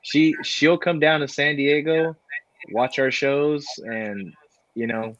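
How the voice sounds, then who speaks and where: A man, a guest wrestler, telling stories in a relaxed way, with lots of fillers and laughter. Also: a little high, slow pace, no echo. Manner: laid-back, many fillers, laughs while telling stories. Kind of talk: casual storytelling. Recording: dry, dull lo-fi audio.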